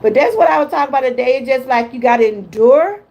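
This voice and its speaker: An older woman talks warmly and loosely on a motivational livestream. Her voice sits a bit high, and she chats in a folksy way, answering her viewers' comments as she goes. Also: lively intonation, fast, muffled recording. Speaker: lifestyle vlogger hosting a livestream. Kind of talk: casual motivational livestream chat.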